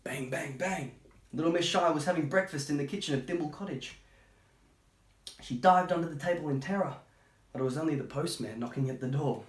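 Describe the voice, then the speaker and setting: A man reading a children's picture book aloud, breaking off for chatty, gentle asides. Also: on the high side, fairly quick. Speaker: storytime reader. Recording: roomy echo.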